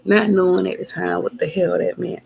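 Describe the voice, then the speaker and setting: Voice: mid-range voice, steady tone, moderate pace, gravelly, darkish tone, poor audio. A vlogger telling a personal story in a casual, rambling way, with lots of fillers and repeated phrases.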